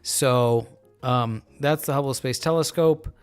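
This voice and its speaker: A man hosts a relaxed live stream and explains things at an unhurried, meandering pace. He fills his sentences with ums and jokes along, slightly tipsy. Soft music plays faintly behind his voice. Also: medium pitch, smooth. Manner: slow, rambling, many fillers; relaxed, joking. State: a bit tipsy from beer. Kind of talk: casual live-stream chat.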